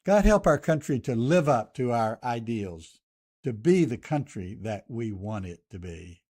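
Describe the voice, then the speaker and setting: An older man with a Southern US accent hosting a radio show. He gives a reflective commentary and a prayer in a measured, listing cadence. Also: medium pitch, expressive, a little mellow. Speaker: radio host.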